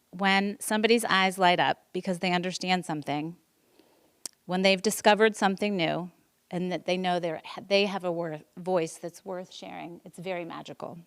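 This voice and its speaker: A woman's voice: fairly low pitch, clear, resonant tone. A woman in her forties, a teacher, giving an emotional personal presentation at a school board meeting, earnest, with many ums and restarts. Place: public meeting room.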